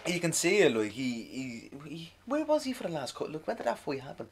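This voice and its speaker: A man's voice: a little high, huge pitch swings, a crowd in the background. A man co-hosting a podcast in casual chat, chatty and often restarting his sentences. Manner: quick, stumbling restarts, chatty. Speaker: podcast co-host.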